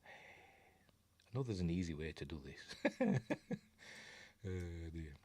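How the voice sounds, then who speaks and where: A man's voice: low-pitched, lively intonation, slow pace, warm tone. A man with a Yorkshire accent hosting a casual livestream, rambling and chuckling as he answers viewer comments. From Yorkshire, England. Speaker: host of a film review livestream. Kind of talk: casual live-stream chat.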